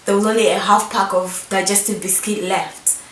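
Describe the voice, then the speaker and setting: A young woman telling a mischievous story from her school days in an animated, emphatic way. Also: medium pitch, moderate pace. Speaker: vlogger. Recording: roomy echo, distant mic.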